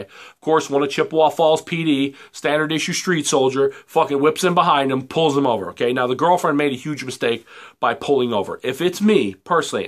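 A man's voice: medium pitch, a bit bright. A man, ranting heatedly and profanely in a rambling vlog commentary. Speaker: vlogger.

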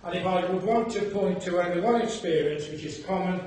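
A man's voice: high voice, a little mellow, far from the mic. Older man lecturing in an echoey hall. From England, Birmingham. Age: 60s. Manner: measured, dry wit. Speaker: bishop giving an address. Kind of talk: formal after-dinner lecture. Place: large hall.

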